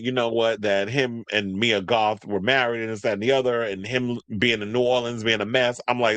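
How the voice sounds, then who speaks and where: A man's voice: mid-range voice, fairly bright tone, dry recording. A man hosting a celebrity gossip show, chatting casually in a sassy way with slang asides as he reads out news items. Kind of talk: casual commentary, reading news aloud.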